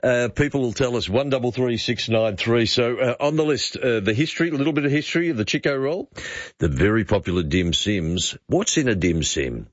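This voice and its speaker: A man's voice: medium pitch, fairly quick, dry recording, highs cut off. A man with an Australian accent hosting a talkback radio show, chatting jovially with callers and sharing bits of trivia. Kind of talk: casual talkback radio chat.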